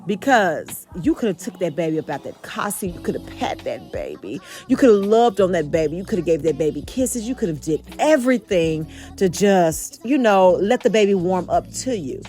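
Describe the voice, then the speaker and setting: A woman home vlogger telling a storytime tale, animated and addressing viewers directly. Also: on the low side, normal speed, few pauses, faint music behind. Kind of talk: storytime vlog.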